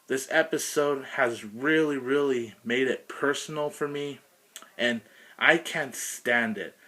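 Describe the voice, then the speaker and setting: A man's voice: fairly high pitch, fairly bright tone. A man ranting emphatically through a frustrated cartoon episode review.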